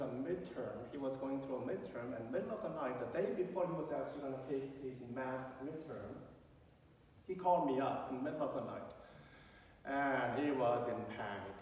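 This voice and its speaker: A middle-aged man preaching a sermon as a pastor, telling a story conversationally with many fillers. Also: mid-range voice. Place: large church sanctuary. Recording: echoey church hall from far off, faint noise.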